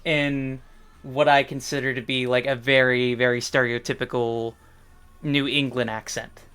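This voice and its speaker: Brief: Midwestern male streamer, bright and crisp, chatty and musing. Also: mid-range voice, little pitch movement, moderate pace. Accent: Midwestern American. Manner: chatty, musing, drifts into playful put-on accents. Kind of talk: casual chat on a livestream.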